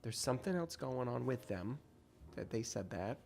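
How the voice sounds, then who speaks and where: A man co-hosting a casual podcast, supportive and affirming, often backing the host with quiet agreement. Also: mid-range voice, animated, normal speed, vocal fry. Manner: supportive, frequent affirming murmurs.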